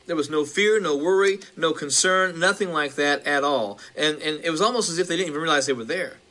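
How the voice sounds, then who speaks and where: A male preacher recounting a vision, halting with restarts and building in intensity. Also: a little high, bright, forceful tone.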